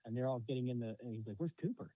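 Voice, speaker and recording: A man's voice: mid-range voice, racing. Man recapping a film over a tinny line. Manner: animated storytelling with acted-out quotes and frequent swearing. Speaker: podcast co-host. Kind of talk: casual movie recap chat. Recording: dry tinny phone-like sound.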